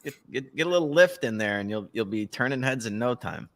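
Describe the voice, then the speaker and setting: A man's voice: mid-range voice, expressive, fairly quick, a bit bright. A man hosting a podcast, mocking and swearing, laughing often. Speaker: podcast host. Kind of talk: casual chat.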